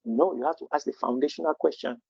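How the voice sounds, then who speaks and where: A man's voice: a little high, fast, vocal fry, a little mellow, slightly rough, no echo. Earnest man teaching by questions, dull audio. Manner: earnest, asks rhetorical questions, many restarts. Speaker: Scrum trainer. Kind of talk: live webinar teaching.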